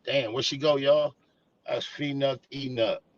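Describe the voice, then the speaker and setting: A man's voice: medium pitch, fairly even intonation, unhurried, highs cut off. A man who cuts in on the guest's story and talks about himself as "cuz".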